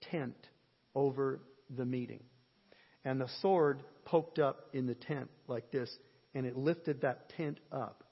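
A man preaching a sermon, telling a story in an animated way, with a husky voice. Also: medium pitch. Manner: animated, jokes and shouts at peaks. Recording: lo-fi sermon audio with long hall reverb.

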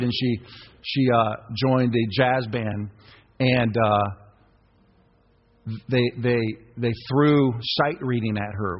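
Husky-voiced pastor preaching in a church. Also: male voice, mid-range voice. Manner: exhorting, call-and-response with congregation. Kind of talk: sermon. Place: church sanctuary. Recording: dull reverberant church recording.

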